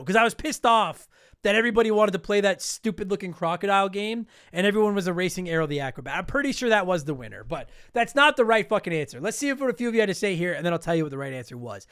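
High, clear-voiced profane podcast host. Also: male voice, fairly bright tone, dry recording, studio quality. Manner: profane, sarcastic, quick to laugh. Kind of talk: casual podcast talk reading listener comments.

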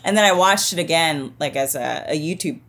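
A woman's voice: low-pitched, animated, brisk, background noise. A woman chatting casually as a podcast guest, rambling and self-deprecating, laughing often. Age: born during the Cold War. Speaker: guest actress and former podcast host.

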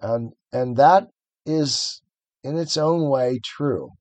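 A man's voice: medium pitch, slow pace, a little mellow, no room sound. A middle-aged man who reads aloud and talks the ideas over in a reflective, hesitant way with restarts. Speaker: co-host. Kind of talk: book reading and discussion.

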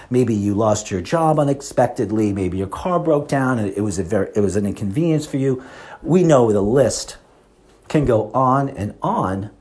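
A man's voice: mid-range voice, darkish tone. A man in his fifties hosting a health talk, lecturing the audience and throwing in rhetorical questions. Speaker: host.

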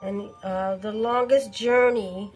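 A woman's voice: medium pitch, steady tone, slow pace, faint music behind, rough recording. A woman co-hosting a casual podcast, talking in a blunt, emphatic way. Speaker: podcast co-host. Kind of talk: casual chat.

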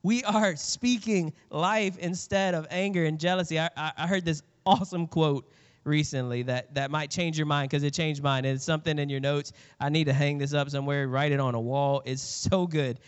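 A man's voice: fairly high pitch, fairly even intonation, moderate pace, smooth. A male pastor preaching a sermon in an earnest, conversational way. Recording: reverberant hall, slightly dull sound.

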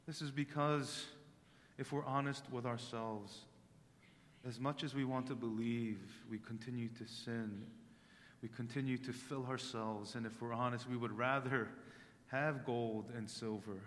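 A male pastor preaching a sermon during worship, rising to loud proclamation on scripture and sinking to soft, low tones in reflection. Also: fairly even intonation, a little slow, a little hiss or hum. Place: church sanctuary. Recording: long reverb of a large hall.

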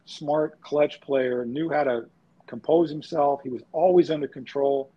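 A man's voice: a little high, measured pace, breathy edge. A man from New York, a former sportswriter, telling stories in a casual podcast panel and acting out voices. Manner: animated storyteller acting out voices. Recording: dull lo-fi audio.

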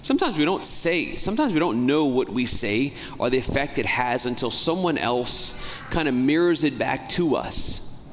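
A man's voice: mid-range voice, sing-song, fairly bright tone, a little hiss or hum. Priest guy giving a sermon, talks like he's chatting, drags out the key words, big echoey church. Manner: conversational, asks the congregation questions; slows down and stretches key words for emphasis. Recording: long church reverb, faint ambience.

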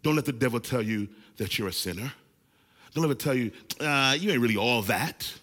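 A man in his forties preaching a lively sermon, calling on the congregation to shout responses. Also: medium pitch, a little fast, big-room sound. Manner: animated, calls for congregation responses. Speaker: pastor.

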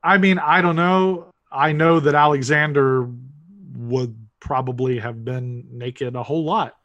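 A man's voice: fairly high pitch, fairly even intonation, unhurried, a bit bright, no room sound, highs cut off. A man co-hosting a movie podcast, thoughtful and often hesitant, with restarts. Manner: hesitant, stammering, dry, thoughtful. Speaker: podcast co-host. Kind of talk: casual movie chat.

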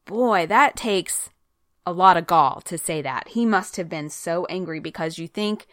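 A woman's voice: lowish voice, unhurried, fairly bright tone, dry recording, studio quality. A woman leading a conversational Bible study, earnest and chatty, stopping now and then to read scripture aloud. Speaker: Bible teacher.

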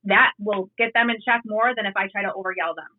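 A woman's voice: mid-range voice, quick pace. Woman, 30s, easygoing officer guest, casual storyteller, phone-quality audio. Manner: laid-back, storytelling, swears casually. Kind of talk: casual podcast chat. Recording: tinny phone line.

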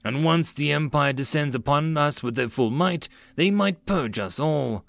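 A man's voice: a little high, a little slow, creaky, fairly bright tone, dry recording, pitched above the performer's own voice. A man voicing a scheming, angry ex-slave rebel leader who hisses with bitter fervor. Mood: fearful. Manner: hissing, bitter, fervent.

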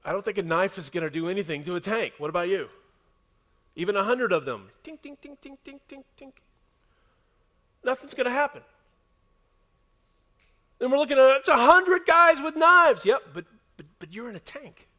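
A man preaching a sermon to his congregation in a conversational way, often dropping to a soft hush for emphasis. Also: sits high, expressive, brisk, pauses often. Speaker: pastor. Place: church service with a congregation.

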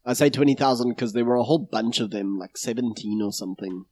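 A man's voice: mid-range voice, fast talker, a little mellow. A young man co-hosting a podcast in casual comedic chat, joking and laughing often. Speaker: podcast co-host.

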